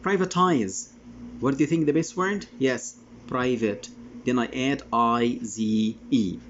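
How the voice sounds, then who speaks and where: A male English teacher giving a classroom vocabulary lesson, speaking deliberately and spelling letters out one by one. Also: mid-range voice, fairly bright tone, muffled recording, a little hiss or hum.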